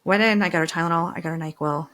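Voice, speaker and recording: A woman's voice: lowish voice, very fast, a bit bright. A middle-aged woman co-hosting a podcast, telling a family story in casual chat, acting out quotes and swearing freely. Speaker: podcast co-host.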